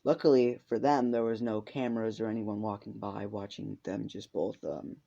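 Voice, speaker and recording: A man's voice: on the low side, fairly even intonation, moderate pace, creaky, warm tone. A man narrating an improvised fan story in a rambling way, full of fillers and swearing. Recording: muffled lo-fi recording.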